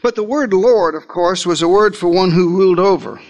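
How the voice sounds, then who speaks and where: Speaking directly to his audience, a male preacher turns scripture into a dramatic first-person tale during a sermon. He is high-pitched and speaks at a moderate pace, though the audio sounds dull.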